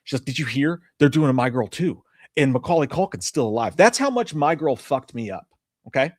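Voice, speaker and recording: A man's voice: medium pitch, very animated, brisk, dry recording, clean studio sound. A man in his thirties co-hosting a casual live-stream chat show, rambling through stories and swearing freely. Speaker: podcast co-host.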